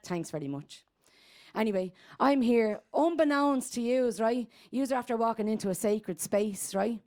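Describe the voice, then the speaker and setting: A woman's voice: a little high, expressive, moderate pace, mellow, natural voice. A woman doing Growler, a crude old Dubliner. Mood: bawdy. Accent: Dublin Irish. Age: 80s. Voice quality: crude, rambling, streetwise. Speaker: comedy character guest. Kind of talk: stand-up character monologue.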